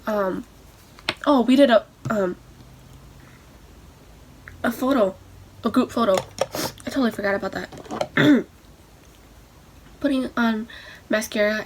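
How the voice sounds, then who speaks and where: A young woman telling a rambling, excitable story while doing her makeup for a vlog. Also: on the high side, slight background noise. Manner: rambling, excitable, lots of fillers. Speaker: beauty vlogger.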